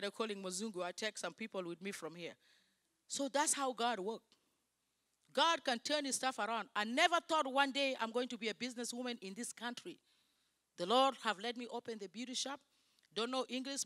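Emphatic high-voiced woman preaching. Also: pushed and bright, no room sound, clean studio sound. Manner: emphatic, in broken English. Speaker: guest preacher. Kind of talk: sermon.

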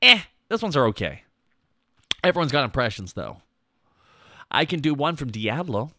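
A man's voice: mid-range voice, moderate pace, no echo, studio quality. A man streaming casually, chatting and trying out cartoon impressions. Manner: animated, jumps into character voices.

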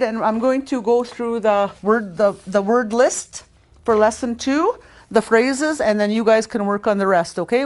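Speaking at a medium pitch, a middle-aged woman leads a recorded language lesson. She takes it step by step, patiently repeating each word slowly.

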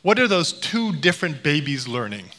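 A middle-aged man lectures to an audience, his voice bright and a touch high. He tells stories lightly and slips into playful impressions now and then. His voice rings with the long reverb of a large hall. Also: big pitch swings, normal speed. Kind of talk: public lecture.

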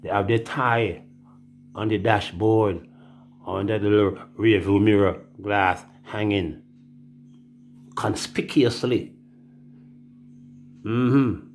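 A man's voice: fairly low pitch, fairly even intonation, takes it slowly, pauses often, slight background noise. A man with a Jamaican accent, telling rambling, profane stories in casual talk and acting out the voices he quotes.

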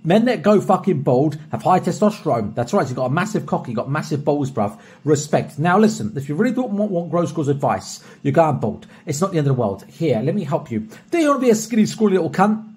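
A young British man recording a personalized video shoutout, boisterous and heavily profane, swinging from soft to loud. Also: a little high, big pitch swings, a little fast, hardly any pauses, breathy edge. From Britain. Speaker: streamer recording a paid shoutout.

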